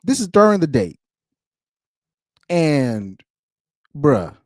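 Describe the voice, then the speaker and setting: A man's voice: on the high side, big pitch swings, extremely slow, a little mellow, no echo, clean studio sound. A man giving blunt, ranting reaction commentary, laughing often between points. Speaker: commentary streamer.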